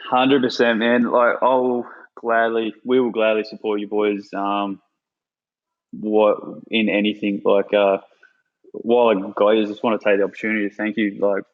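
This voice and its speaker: A man's voice: lowish voice, completely flat delivery, moderate pace, narrow, tinny audio. A man with an Australian accent chatting casually as a podcast guest, laid-back, swearing freely and saying "mate" a lot. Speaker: guest, former army sniper.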